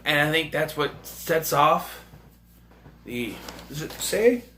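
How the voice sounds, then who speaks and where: A man rambling excitably and jokingly through a casual movie review. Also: fairly high pitch, slow, slight background noise.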